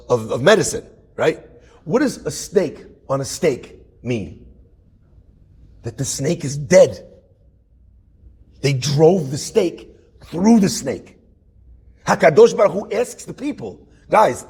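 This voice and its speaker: Man, rabbi, sermon, high-pitched, gravelly, husky, rhetorical questions. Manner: animated, rhetorical questions to the audience.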